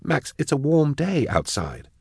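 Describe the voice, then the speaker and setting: A man's voice: on the high side, very animated, measured pace, vocal fry, breathy edge, dry recording, studio quality, voice pushed up, full character voice. A man narrating an audiobook, voicing a nervous male scholar who keeps asking anxious questions in a lifted tone. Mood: uneasy.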